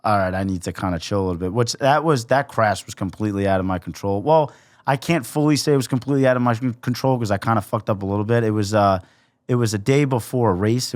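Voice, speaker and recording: A young man with a lowish voice, appearing as a podcast guest, tells a story in a loose, profane, animated style, acting out the quoted lines. The recording is dry and studio quality.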